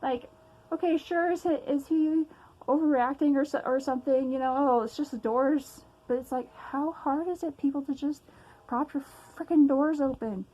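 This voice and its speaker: A young woman vents in a casual personal rant, her voice pitched a little high. She sounds agitated and emphatic, sighing often and swearing as she goes, recorded at home. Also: fairly even intonation, normal speed, dark tone, dull audio. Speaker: vlogger.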